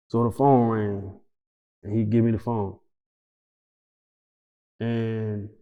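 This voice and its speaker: Male interview guest, lively storyteller who acts out every line of dialogue, cusses often; reverby room. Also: medium pitch. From Tampa, Florida. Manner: animated, acts out dialogue, swears freely. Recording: roomy reverb, dull lo-fi sound.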